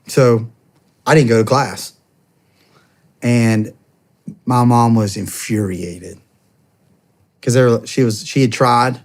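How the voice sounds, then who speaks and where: Animated man telling a story. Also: mid-range voice, slow pace, long pauses. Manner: animated, acts out dialogue in quoted voices; laughs through his story, loose slangy talk. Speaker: podcast guest. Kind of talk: casual storytelling.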